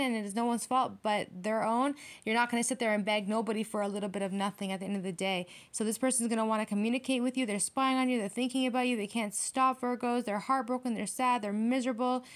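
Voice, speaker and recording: A woman's voice: fairly high pitch, steady tone. A woman giving a tarot reading straight to her viewers, blunt and heavily profane, getting heated and repeating herself. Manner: fast, repetitive, direct address to viewers. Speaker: tarot reader.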